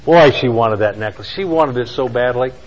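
Man preaching with slow emphatic stresses. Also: mid-range voice, long reverb tail, muffled recording. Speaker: pastor. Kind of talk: sermon storytelling.

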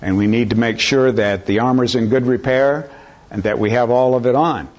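A man preaching a sermon in an unhurried, earnest way, drawing in his listeners. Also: medium pitch, darkish tone. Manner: unhurried, earnest, calls for amens. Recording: slightly dull lo-fi recording.

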